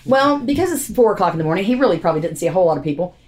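A woman recounts in her own words a tragedy that befell her family, speaking emotionally, bluntly, and repeating herself under strain. Her voice is lowish and darkish, with big pitch swings, and she races through it.

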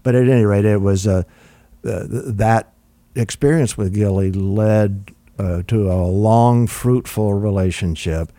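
An older man speaks low and warm, drifting through anecdotes with plenty of ums and restarts. The sound is close and dry, with no room around it. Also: measured pace, no room sound. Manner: relaxed, rambling with fillers and restarts. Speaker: record producer guest. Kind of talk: conversational interview storytelling.

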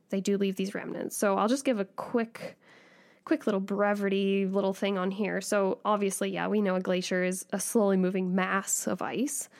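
A woman co-hosting a podcast who explains things in a lively, teacherly way during casual chat. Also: mid-range voice, gravelly. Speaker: podcast co-host.

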